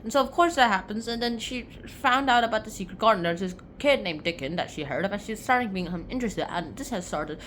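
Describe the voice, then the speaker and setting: A woman casually summarizing a book for her video audience in a rambling, self-interrupting way. Her pitch rises and falls with animated energy, and a faint hum of ambient noise runs underneath. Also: quick pace, hardly any pauses.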